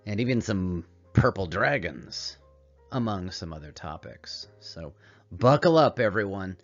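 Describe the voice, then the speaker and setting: A man hosting a career coaching show, giving a calm, meditative solo presentation in a put-on radio voice. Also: fairly low pitch. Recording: slightly dull audio with soft background music. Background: calming music.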